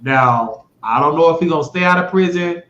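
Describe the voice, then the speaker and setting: A blunt, rambling man hosts his own show with a higher-than-usual voice, swearing freely and lurching from loud bursts to low mutters. The sound is dull and lo-fi, and it echoes off the walls of the room. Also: fairly quick. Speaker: show host. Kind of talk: casual rambling monologue.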